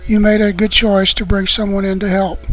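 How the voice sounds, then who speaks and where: Man doing a level-headed young homeowner, even and gentle delivery, storybook read. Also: high voice, moderate pace, low-quality recording. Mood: calm.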